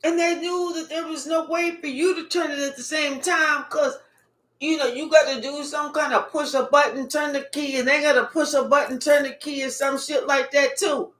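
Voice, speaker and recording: A woman giving a casual tarot reading, animated and profane, with emphatic outbursts. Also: high-pitched, moderate pace, echoey room. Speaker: tarot reader.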